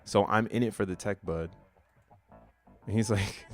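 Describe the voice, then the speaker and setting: Dude reading posts on stream, lots of slang and swearing, kinda low voice, little beat playing underneath. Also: male voice, measured pace, pauses often, soft background music. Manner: profane, laughing, animated slang. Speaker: crypto streamer. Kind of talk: casual livestream commentary, reading posts aloud.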